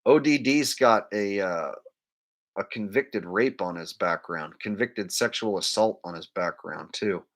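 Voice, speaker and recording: A man's voice: lowish voice, a little slow, a bit bright. A man ranting bluntly during a live stream, full of fillers and scornful asides.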